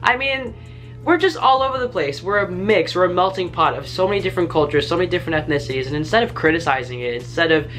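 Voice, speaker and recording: A man's voice: high voice, animated, fast, fairly bright tone, soft background music. An American man talking casually and enthusiastically to the camera in a vlog, rambling a bit with lots of fillers. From United States. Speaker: vlogger.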